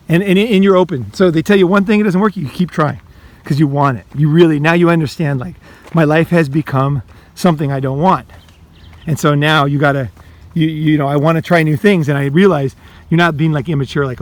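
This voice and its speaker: A man's voice: a little high, fairly quick. A man who coaches and hosts videos, talking bluntly to the viewer in a casual monologue, full of profanity and "you know"s, acting out inner voices. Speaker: life coach and video host.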